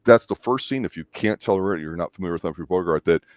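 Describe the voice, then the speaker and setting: A man's voice: low-pitched, racing, no echo. A man co-hosting a movie review show, explaining scenes at length in a casual, emphatic way and acting out lines he quotes.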